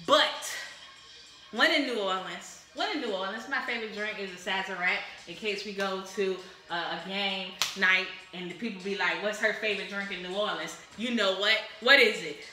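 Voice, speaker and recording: Bright-voiced, rambling comedic woman host. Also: mid-range voice, normal speed, faint music behind. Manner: exuberant, rambling, whooping. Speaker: comedy cocktail show host. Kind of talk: casual comedic chat while mixing drinks. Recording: echoey room.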